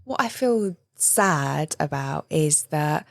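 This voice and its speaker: A woman's voice: deep voice, expressive, slow, gravelly, no room sound, studio quality. A British woman, a relationship coach, talking earnestly and reflectively as a podcast guest, often seeking agreement with "isn't it" and "right?". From United Kingdom. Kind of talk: conversational interview.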